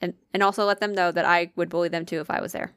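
A woman's voice: fairly low pitch, flat delivery, very fast, a bit bright, smooth, no echo. A woman co-hosting a casual podcast, talking bluntly and swearing offhandedly. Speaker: podcast co-host. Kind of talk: casual chat.

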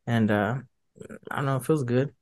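A man's voice: medium pitch, moderate pace. Easygoing young man, trailing off. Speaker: podcast co-host. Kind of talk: casual podcast chat.

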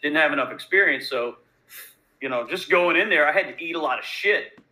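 A man from Louisiana, a bartender guest telling profane, animated stories in a casual interview. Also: on the high side, brisk, low-quality recording. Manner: profane, animated, laid-back. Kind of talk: casual storytelling.

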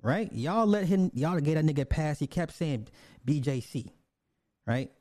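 His voice is dark and mellow yet on the high side, expressive and moderately paced, as he rants bluntly and profanely in casual commentary, often repeating and restarting. Recorded close and dry, with no echo.

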